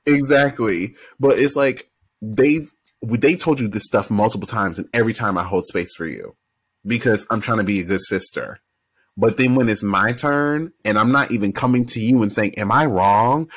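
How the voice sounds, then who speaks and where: Low-voiced man in casual podcast chat. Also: moderate pace, fairly bright tone, breathy edge. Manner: emphatic, retells scenes with quoted voices. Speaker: podcast co-host.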